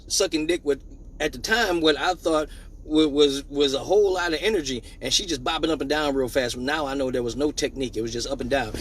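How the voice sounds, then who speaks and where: Guy with a kinda high husky voice, casual animated storytelling, cusses a lot. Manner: animated, swears freely, acts out dialogue. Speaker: live show host.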